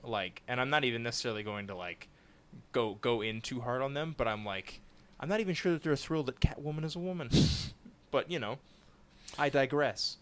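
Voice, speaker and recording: A man's voice: medium pitch, animated, a little fast. A man co-hosting a podcast, chatting casually, agreeable and full of fillers and stammered restarts. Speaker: podcast co-host. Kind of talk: casual chat.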